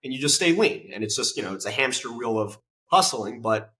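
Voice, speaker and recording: A man in his twenties, a guest on a podcast, tells his story in a casual, animated way. His voice is bright and forceful, mid-pitched, and he acts out the other people's lines as he goes. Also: a little fast, poor audio. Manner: animated, acts out quoted dialogue, swears casually.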